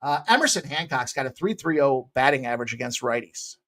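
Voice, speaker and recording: A man hosting a sports betting picks show, talking casually in a loose, jokey way with bursts of loud excitement. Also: medium pitch, brisk.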